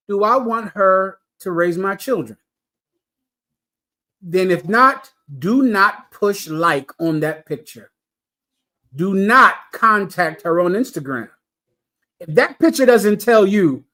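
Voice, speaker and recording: A man with a high, slightly bright voice preaches to a class in a blunt, crude, scolding way. His preaching commentary is full of pointed questions fired at his listeners.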